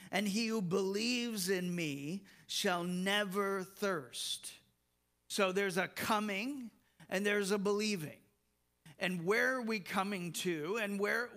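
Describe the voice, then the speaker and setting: A man preaching a sermon as pastor, slow and emphatic, with soft laughs and repeated words. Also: high voice.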